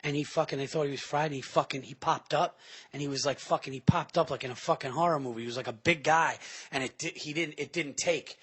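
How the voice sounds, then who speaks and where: A man co-hosting a podcast, rambling excitably and swearing a lot in casual comic chat. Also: fairly high pitch, quick pace, slightly rough. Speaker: podcast co-host.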